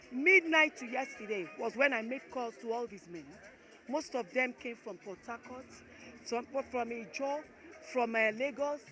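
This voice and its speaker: A woman with a Nigerian accent giving an emphatic, pleading speech to protesters, mixing in pidgin. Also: fairly high pitch. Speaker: official addressing protesters. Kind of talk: rally speech. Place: outdoor rally. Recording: echoey distant crowd recording. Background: loud crowd noise.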